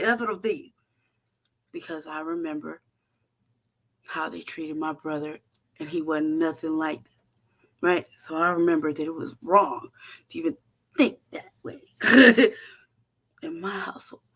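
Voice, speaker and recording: A woman host telling a story in a casual, profane, animated way, laughing often and acting out what people said. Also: low voice, unhurried, long pauses. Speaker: show host.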